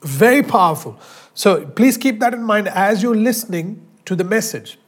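A man preaching a sermon as pastor, emphatic, slowing down and stretching out key phrases. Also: high voice, lively intonation. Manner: emphatic, drawn-out preaching with slow stressed phrases.

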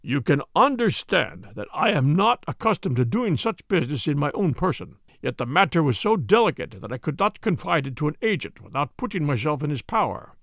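A man's voice: a little high, sing-song, fairly quick, few pauses, fairly bright tone, no echo, studio quality, heavily acted. A man reading the part of a proud foreign king who speaks formally. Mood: earnest. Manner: formal, stately speech. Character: proud, agitated foreign king, tall and grand.

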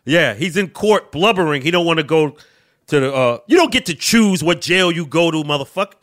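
A man with a fairly high, bright voice that swings widely in pitch trades crude stories on a casual podcast. His delivery is animated and full of profanity. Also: fairly quick. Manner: profane, laughing, animated storytelling. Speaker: podcast co-host. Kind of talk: casual comedic banter.

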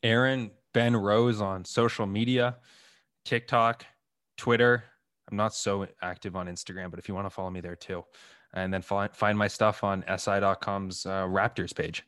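A young man, a sports reporter guest talking through his gripes in a measured, matter-of-fact way. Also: lowish voice, steady tone, a bit bright, smooth, no room sound, clean studio sound. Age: young adult. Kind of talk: casual sports chat.

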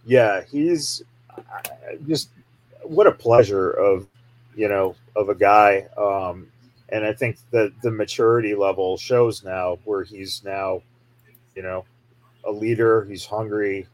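A man interviewing a guest on a casual podcast, with halting questions full of fillers. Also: lowish voice, darkish tone, low-quality recording. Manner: halting, with many fillers and restarts.

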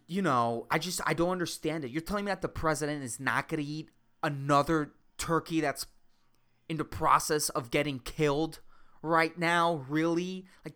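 A woman hosting a solo podcast, ranting sarcastically and swearing often, jumping between loud outbursts and low mutters. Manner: profane, rambling and sarcastic, says dude a lot. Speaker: podcast host.

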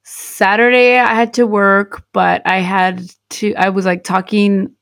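A woman co-hosting a casual chat over a video call, a little hoarse after losing her voice, mixing Spanish into English. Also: mid-range voice, little pitch movement, a little slow, fairly bright tone. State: hoarse, recovering from lost voice. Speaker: podcast co-host.

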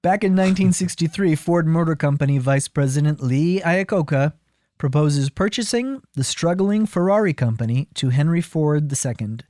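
A man's voice: fairly high pitch, animated, moderate pace, warm tone, no echo. A man co-hosting a comedy podcast, reading a film review aloud between jokes and laughter. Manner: reads review passages aloud, breaks into laughter. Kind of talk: casual comedic chat.

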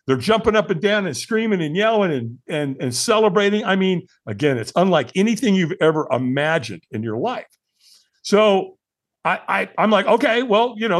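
A man in his sixties from California, a podcast guest telling a story with lively acted-out dialogue. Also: fairly high pitch. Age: 60s. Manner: animated storyteller acting out dialogue.

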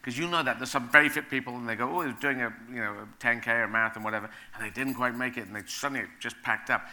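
Man, very bright tone, animated rambling guest at a live event. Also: mid-range voice, racing. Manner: rambling, animated, laughing as he talks. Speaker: guest speaker. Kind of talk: onstage conversation at a live event.

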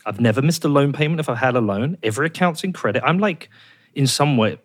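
A podcast host rants in a heated, casual chat, speaking quickly and expressively. He's fired up and swears a lot, and his voice jumps high whenever he gets worked up.

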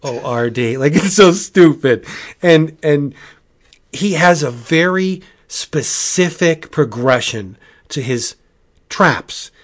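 A man hosting a casual comic book review podcast, rambling and animated, with frequent asides and restarts. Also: on the high side, takes it slowly. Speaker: podcast host.

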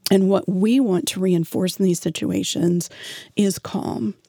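Female parenting coach, slow measured delivery, direct rhetorical address, dry close sound. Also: medium pitch, steady tone, creaky, dark tone, no room sound. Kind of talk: advice monologue to parents.

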